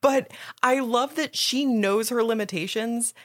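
A woman co-hosting a podcast in casual chat, bubbly and quick to laugh and squeal with excitement. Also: a little high. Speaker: podcast co-host.

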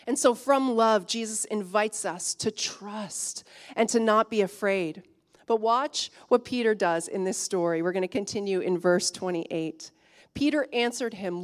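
A woman pastor preaching a sermon, swinging from hushed, intimate lines to emphatic, rising ones. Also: a little high, normal speed.

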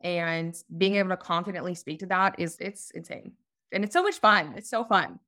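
A woman's voice: lowish voice, animated, moderate pace, sharp tone. A woman guest, a business owner, talking earnestly and enthusiastically in a candid interview over a call.

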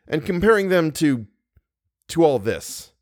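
A man voicing a jittery young hunter who stammers and turns sharp and brusque. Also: on the high side, very animated, unhurried, no echo, clean studio sound, pitched above the performer's own voice. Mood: tense.

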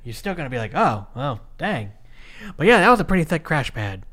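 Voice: mid-range voice, very fast. Chatty co-host from minnesota in their 30s, swears a lot, voice swoops all over, says like constantly. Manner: lively, swearing freely, many likes and restarts. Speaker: podcast co-host. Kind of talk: casual chat recapping a wrestling match.

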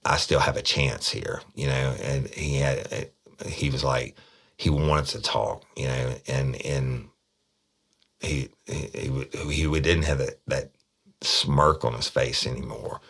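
A man's voice: rumbling low, slow. A man telling a true-crime story from his days as a detective, blunt and profane, acting out the people he quotes. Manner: blunt, profane, animated when quoting people. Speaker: podcast storyteller, former detective.

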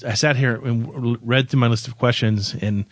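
A man co-hosting a podcast, telling stories in a quick, self-deprecating, casual way. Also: mid-range voice, fairly even intonation, no room sound. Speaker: podcast co-host. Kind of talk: casual chat.

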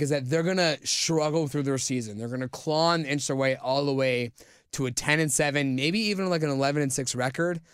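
A man with a smooth, resonant, slightly higher voice co-hosts a casual sports chat. He is talkative and gives longer explanations. The sound is dry and close. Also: a bit bright, dry recording. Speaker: co-host.

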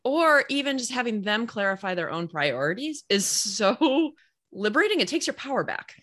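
A woman of middle pitch chats freely, her voice rising and falling widely as she acts out little quotes. The sound is close and dry. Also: normal speed, no room sound. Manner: expressive, quotes herself and others, laughs. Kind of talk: casual chat.

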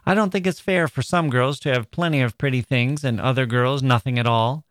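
A man's voice: mid-range voice, brisk, dry recording, close to an everyday voice. A man reading aloud and voicing a petulant young girl with a whiny, self-pitying manner. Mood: prim.

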